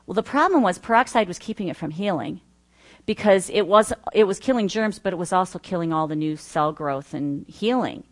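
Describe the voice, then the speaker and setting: Middle-aged female teacher, low-ish voice, earnest and conversational, works through a list. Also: animated, brisk. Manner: earnest, listing points with personal asides. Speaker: Bible study teacher. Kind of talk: teaching talk.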